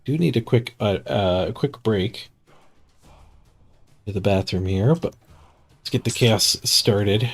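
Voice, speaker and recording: A man with a lowish voice streams a game, taking it slowly with frequent pauses while faint music plays behind him. Sounding a bit stuffed up, he reads out stats, mutters to himself, and chuckles at the numbers in casual gameplay commentary.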